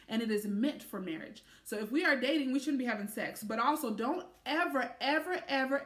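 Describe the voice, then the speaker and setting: A woman's voice: fairly high pitch, a bit bright. A woman giving a casual faith talk to camera, emphatic and fond of repeating herself for stress. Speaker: faith vlogger. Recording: echoey room.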